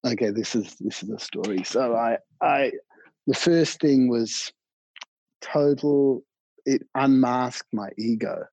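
Husky-voiced man telling a story. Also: medium pitch, slow, no room sound. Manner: animated, repeats words, swears freely. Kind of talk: casual storytelling. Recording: dull, muffled, dry sound.

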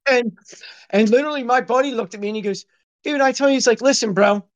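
A man's voice: extremely high pitch, quick pace, lo-fi sound. A man chatting casually as a podcast co-host, telling stories in a rambling, slangy way full of filler words. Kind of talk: casual conversational chat.

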